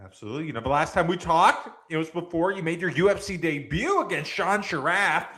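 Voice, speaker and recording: A man hosting an MMA interview show, introducing his guest with hyped, energetic announcing and then asking questions. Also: on the high side, a little fast.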